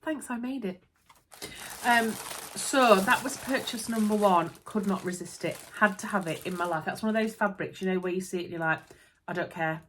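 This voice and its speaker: A woman's voice: medium pitch, brisk, a bit bright, a little hiss or hum. A woman with a Yorkshire accent chatting casually to camera as a sewing vlogger, giggly and often interrupting herself. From Yorkshire, England.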